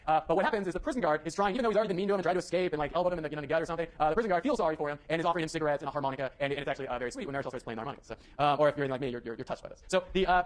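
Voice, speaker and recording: A young man giving a university lecture in a conversational way, with fillers and restarts. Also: a little high. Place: lecture hall.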